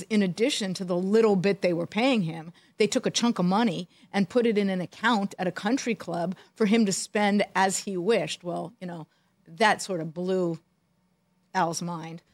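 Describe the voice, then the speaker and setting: A woman co-hosting a podcast, a former team executive telling animated stories with dry jokes. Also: mid-range voice, moderate pace, no echo. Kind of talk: casual storytelling chat.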